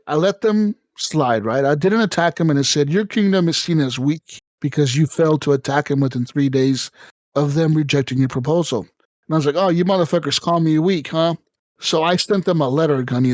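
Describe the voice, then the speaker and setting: A man co-hosting a casual gaming podcast, telling stories in an animated, profane way with sudden jumps up in pitch. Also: no echo. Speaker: podcast co-host.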